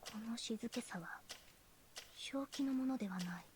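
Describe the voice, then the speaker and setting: A woman's voice: a little high, fast talker, background noise, lightly acted. A woman voicing a regal young female sword-wielding servant in a game, speaking in imperious, archaic royal tones. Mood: grave, wary. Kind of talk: game voice acting.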